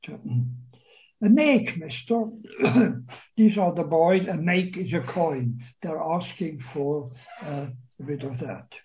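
A man giving a literature lecture, reading quoted lines aloud and explaining them, hesitant with many pauses and fillers. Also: fairly high pitch, darkish tone, poor audio. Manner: slow, hesitant, many uhs, reads quoted lines with raised voice.

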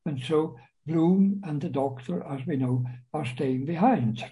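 A man giving a literature lecture, reading quoted lines aloud and explaining them, hesitant with many pauses and fillers. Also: a little high, warm tone, poor audio. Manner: slow, hesitant, many uhs, reads quoted lines with raised voice.

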